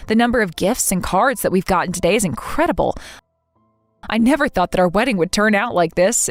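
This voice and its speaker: A woman's voice: mid-range voice, dry recording, natural voice. A woman voicing an indignant young bride. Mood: vindicated. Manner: exasperated, demanding, indignant. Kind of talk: text-message story voice acting.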